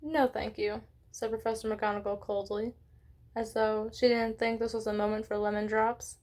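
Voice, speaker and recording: Friendly read-along host, woman, slightly high voice, stops often to ask readers questions. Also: completely flat delivery, moderate pace, darkish tone. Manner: chatty, stops to ask questions and apologize for slips. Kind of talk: children's book read-aloud.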